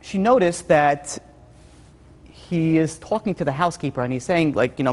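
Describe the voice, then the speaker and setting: A man's voice: a little high, very animated, brisk, darkish tone. Casual, chatty male rabbi storyteller. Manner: casual, lots of "like" and "you know". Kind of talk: sermon storytelling. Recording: long hall reverb.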